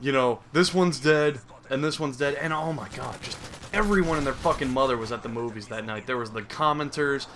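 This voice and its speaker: A man's voice: medium pitch, sharp tone, a little hiss or hum. A young man giving crude, sarcastic comedic commentary over gameplay, rambling and mocking as he goes. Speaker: gaming commentator.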